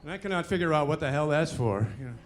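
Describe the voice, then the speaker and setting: A man with a high, lively voice works through a stand-up set on a club stage, punchy and animated, slipping into quick character bits. Audience laughter rolls in between jokes over faint room noise from the club. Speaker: stand-up comedian.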